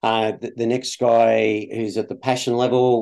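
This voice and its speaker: A man's voice: medium pitch, flat delivery, a little slow, creaky, darkish tone. An Australian man, a guest in an interview, talking in a rambling way with many fillers and restarts. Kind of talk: conversational interview.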